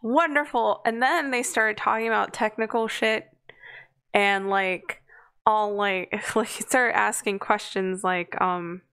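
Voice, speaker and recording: A woman's voice: medium pitch, steady tone, slow, sharp tone, clear, resonant tone. A woman hosting a casual livestream chat, rambling and apologetic, laughing often and swearing casually. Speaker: streamer and podcast host.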